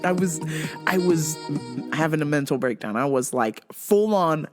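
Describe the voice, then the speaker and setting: A woman vlogger telling a comic story, swearing constantly and shouting out the lines she quotes. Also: medium pitch, animated, normal speed, music in the background. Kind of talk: profane comedic storytelling.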